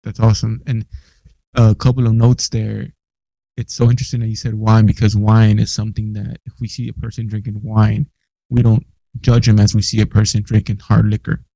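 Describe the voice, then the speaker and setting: A man hosting a podcast interview, warm with affirming listening responses and conversational comments. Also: lowish voice, monotone, brisk, vocal fry, no echo, rough recording. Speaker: podcast host.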